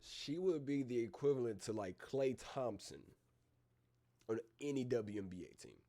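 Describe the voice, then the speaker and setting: A warm-toned, mid-range male voice runs a casual live-stream reaction. He rambles in slang, calls everyone bro, and goes down a list of names with filler pauses.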